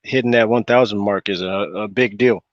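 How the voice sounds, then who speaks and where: A man's voice: on the low side, normal speed, dry recording, lo-fi sound. A man speaking as a guest on a livestream, hesitant and full of ums. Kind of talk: casual chat.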